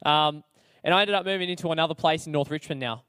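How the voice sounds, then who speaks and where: Young aussie bloke yarning about his life, slangy, lots of ums, slightly high voice, dry close mic. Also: quick pace, sharp tone, clean tone, no room sound. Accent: Australian. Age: young adult. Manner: chatty, slangy, self-deprecating, many fillers. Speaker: speaker sharing his testimony. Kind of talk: casual storytelling to an audience.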